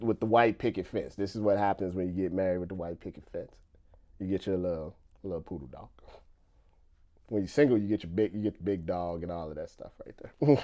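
A man's voice: fairly low pitch, a little mellow. A man hosting a casual live stream, talking loosely with frequent restarts, filler asides and laughs between points.

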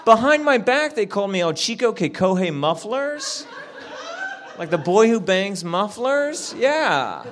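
A man tells comedy stories at a live show and fills nearly every phrase with "like." His voice sits somewhat high and swings up and down with animation. He speaks into a stage mic. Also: slow. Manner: animated, says "like" constantly. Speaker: comedian guest. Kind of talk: live stand-up storytelling.

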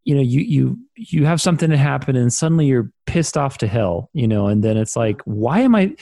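Man, podcast host, gravelly voice, dry close sound, rambling and reflective. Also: mid-range voice, expressive, fairly quick, dark tone, dry recording. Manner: rambling, reflective, casual swearing. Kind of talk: casual conversational interview.

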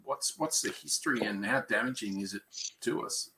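A man's voice: lowish voice, normal speed, bright, forceful tone, a little hiss or hum. A man co-hosting a casual podcast, playful and full of questions. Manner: playful, asks lots of questions. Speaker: podcast co-host. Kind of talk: casual chat.

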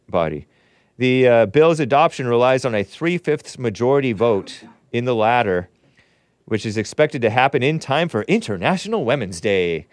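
A man's voice: medium pitch, no room sound, clean studio sound. A man hosting his own commentary show, reading news aloud and scoffing at it with sarcastic asides. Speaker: host. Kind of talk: opinionated commentary show monologue.

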